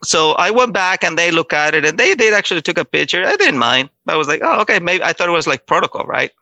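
A man telling his own story in a halting, conversational way, acting out what others said. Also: fairly high pitch, creaky, pushed and bright, no echo. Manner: halting, restarts, acts out quoted voices. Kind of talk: personal testimony, casual storytelling.

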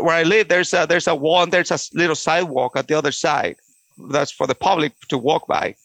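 A middle-aged man earnestly telling a personal story, halting often and restarting his sentences. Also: a little high, sharp tone, no room sound. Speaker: storyteller sharing a personal testimony.

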